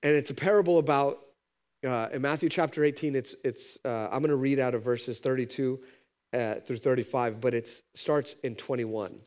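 A pastor giving a sermon, telling a parable and voicing its characters with sudden high-pitched lines. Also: male voice, moderate pace. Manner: animated, acts out parable characters with pitch jumps.

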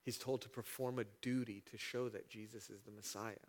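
A man preaching a sermon as pastor, animated and building to emphatic peaks, dramatizing scripture with voiced asides. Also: fairly low pitch, brisk.

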